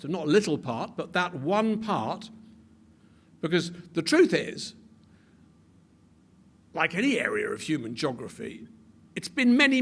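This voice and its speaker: Speaking with a high voice, this man gives a lively public talk that climbs toward emphatic high points, frequently repeating words whenever he starts a sentence over.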